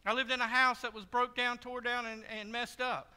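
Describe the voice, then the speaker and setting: A pastor giving a sermon in a church, telling stories in a conversational, joking way. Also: male voice, very high-pitched, level tone, normal speed, bright, forceful tone, smooth. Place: church sanctuary. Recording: long hall reverb.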